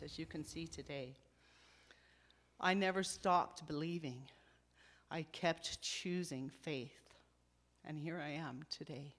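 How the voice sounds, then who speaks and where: A middle-aged woman sharing a personal faith testimony with a church congregation, telling her story slowly and from the heart. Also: low voice. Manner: slow, heartfelt storytelling with soft dips.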